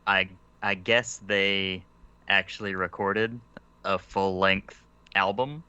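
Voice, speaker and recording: Male podcast co-host, deep and clear-voiced, dry delivery. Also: fairly even intonation, slow pace, sharp tone, highs cut off. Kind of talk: casual chat.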